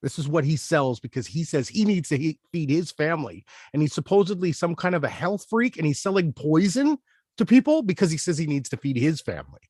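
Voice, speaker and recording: Ranting man with a lively pitch. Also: brisk, slightly rough, dry recording, studio quality. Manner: indignant, ranting, emphatic repetition. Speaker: channel host. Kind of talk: heated commentary on a played clip.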